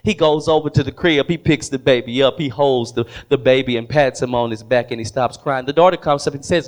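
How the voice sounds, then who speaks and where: A man's voice: medium pitch, a little fast, hardly any pauses. A man preaching a sermon to a congregation, telling a story and asking the room questions. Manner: storytelling preacher who repeats words and asks the congregation questions. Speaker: pastor. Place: church hall with congregation.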